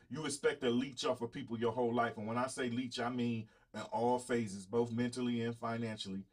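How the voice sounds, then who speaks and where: Blunt, preachy male host in his thirties, mid-pitched, talks straight at his viewers. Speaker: show host. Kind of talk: casual live-stream talk.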